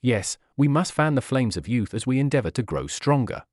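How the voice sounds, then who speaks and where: A man reading aloud as a loud, overexcited adult male martial arts teacher in a fan story. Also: mid-range voice, big pitch swings, a little fast, dry recording, clean studio sound. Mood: enthusiastic. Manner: boisterous, grandiose.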